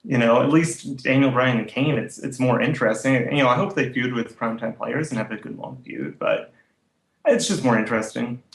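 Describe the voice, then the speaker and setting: A man's voice: mid-range voice, fairly quick, creaky. Man in an echoey room. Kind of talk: casual podcast debate. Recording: roomy echoey mic.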